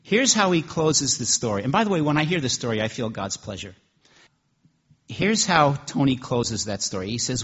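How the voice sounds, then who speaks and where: Brief: male preacher, mid-pitched and slightly husky, chatty storytelling in a sermon. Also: very animated, normal speed, fairly bright tone, lo-fi sound. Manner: conversational, with restarts.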